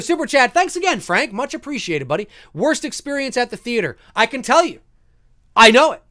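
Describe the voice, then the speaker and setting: A man hosts a casual live stream, telling a story to his viewers. His pitch leaps up and down as he acts out scenes and swears freely. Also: a bit bright, clean tone. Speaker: live-stream host answering viewer questions.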